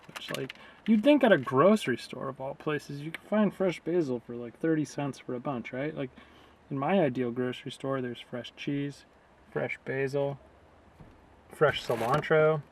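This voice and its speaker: A man's voice: fairly high pitch, moderate pace, a little hiss or hum. A man vlogging outdoors beside a river, talking casually in a sarcastic, rambling way. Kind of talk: casual vlog rant.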